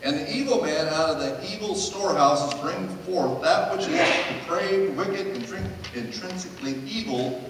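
A middle-aged man preaches with a high voice in an animated, joking style. His voice rings through a big reverberant hall and is picked up from far off. Noticeable background noise sits under the whole recording. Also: moderate pace, few pauses. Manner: animated, jokey storyteller acting out quotes. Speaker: pastor. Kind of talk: sermon with storytelling. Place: church hall. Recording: echoey hall, distant mic, noisy.

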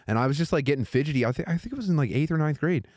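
A man's voice: a little high, animated, very fast, darkish tone, no echo, clean studio sound. A man hosting a comedy podcast, chatting casually and riffing playfully on others' stories. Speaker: podcast host.

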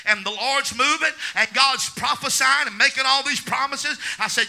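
A man preaching a sermon in church, telling stories in quoted dialogue and building up to shouted, sing-song peaks. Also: very high-pitched, normal speed, creaky, hardly any pauses. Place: church sanctuary.

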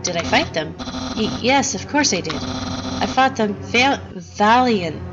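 Brief: a woman reading as a jittery, boastful skeleton guard in a game, stammering, lively pitch, unhurried delivery. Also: highs cut off. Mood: nervous reporting. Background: game music.

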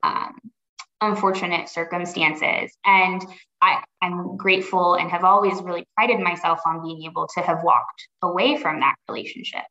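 A woman's voice: lowish voice, normal speed, pushed and bright. A woman guest on a podcast, speaking earnestly and reflectively, often restarting her sentences. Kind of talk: conversational interview. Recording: roomy, dull lo-fi sound.

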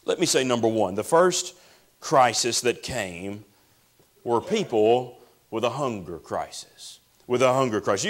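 Guy preaching, slightly high voice, earnest, drags out words for emphasis. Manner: earnest preaching, drawn-out emphasis, addresses listeners as friend. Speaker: pastor. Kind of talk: sermon.

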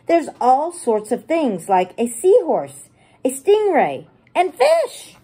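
Woman reading a storybook to kids, slow pace, lively pitch, gushing, animated. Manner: animated, gushing, talks to children. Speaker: preschool teacher. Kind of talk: reading a picture book aloud to children.

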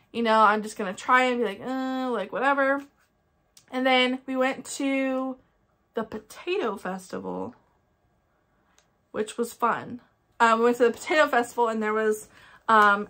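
A woman's voice: fairly high pitch, a bit bright. A young woman with an Ohio accent, chatting casually and enthusiastically as she reviews scented wax melts. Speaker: candle collector vlogger. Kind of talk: casual product review chat.

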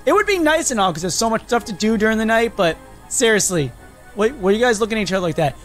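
A man's voice: high-pitched, very animated, fast talker, faint music behind. A man voicing a confused, anxious young man trapped in a fox costume, rambling in a Minecraft role-play. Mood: baffled. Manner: rambling, anxious, restarts a lot.

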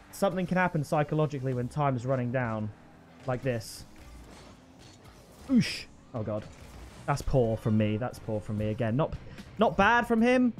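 A young man hosting a gaming channel, commentating his own match live and bursting into excited shouts at big plays. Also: fairly high pitch.

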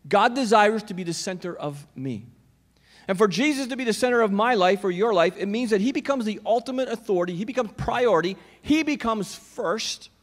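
A man's voice: sits high, expressive, brisk. A male pastor preaching a sermon in a church auditorium, talking conversationally and putting questions straight to his congregation. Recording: long reverb of a church hall.

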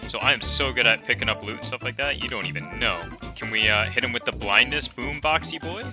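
Excitable man shouting over gameplay, music behind. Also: mid-range voice, fairly quick. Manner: excitable, bursts into loud shouting and laughter, makes playful beep sounds. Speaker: gaming video creator. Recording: clear background music. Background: background music.

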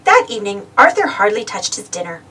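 A woman narrating a children's storybook aloud, expressive, with a distant mic. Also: on the high side, moderate pace, breathy edge. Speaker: storybook reader.

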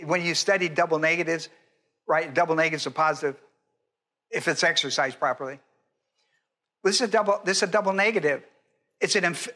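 A man's voice: on the high side, bright, forceful tone. An older man, a pastor, teaching a Bible sermon in an emphatic, repetitive way and putting questions to his congregation.

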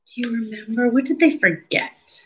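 A woman's voice: fairly high pitch, moderate pace, a bit bright, breathy edge, poor audio. A woman speech clinician leading a children's lesson, drawing out words in an encouraging, sing-song teacher voice. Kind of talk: children's syllable-clapping lesson.

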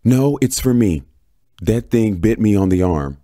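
A man's voice: expressive, measured pace, warm tone, no echo, studio quality. Man voicing a frightened young mother. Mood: shaken. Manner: high, anxious pleading.

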